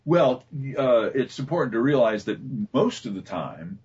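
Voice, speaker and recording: Man, husky low voice, rambling anecdotes, lo-fi interview audio. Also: measured pace. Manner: relaxed anecdotal storytelling with many fillers. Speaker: voice actor guest. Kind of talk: casual interview talk. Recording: dull lo-fi recording.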